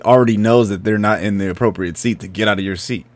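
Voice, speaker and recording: A man's voice: fairly low pitch, fairly even intonation, quick pace. A man hosting a podcast in casual chat, laughing often as he steers the show from one segment to the next. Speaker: podcast host.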